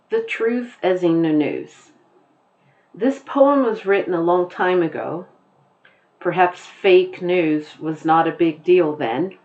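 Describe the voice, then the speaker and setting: A woman teacher talks her class through a poem at an unhurried pace, restating points and spelling words out. Her voice sits a little low. The recording sounds slightly dull and muffled. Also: a little mellow. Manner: slow, explanatory, repeats and rephrases.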